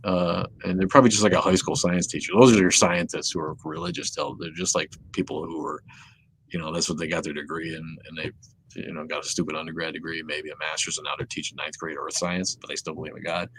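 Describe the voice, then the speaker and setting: A man's voice: rumbling low, fairly even intonation, quick pace, gravelly, fairly bright tone, a little hiss or hum. A man hosting a casual livestream, reading viewer comments and rambling profanely, often trailing off into mumbles. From Southeast Wisconsin. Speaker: livestream host.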